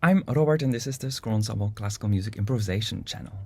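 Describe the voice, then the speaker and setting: A man teaching a music improvisation lesson in a calm, explanatory way. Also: lowish voice, very fast, slightly rough, dry recording. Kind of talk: instructional video lesson.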